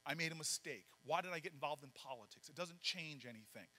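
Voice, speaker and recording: Animated man telling a story in a hall. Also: a little high, quick pace. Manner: animated storyteller acting out dialogue. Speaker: political speaker. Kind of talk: storytelling speech at a banquet. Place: large banquet hall. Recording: reverberant hall.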